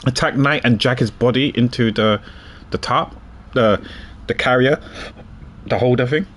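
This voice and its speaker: A man's voice: mid-range voice, unhurried, a bit bright, slight background noise. A man streaming a game, musing and thinking aloud between dialogue. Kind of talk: casual game commentary.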